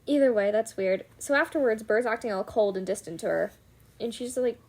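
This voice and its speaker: A woman book vlogger recaps a novel in a loose, chatty way, with fillers and the odd swear word. Her voice sits slightly high. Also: a little fast, a little mellow.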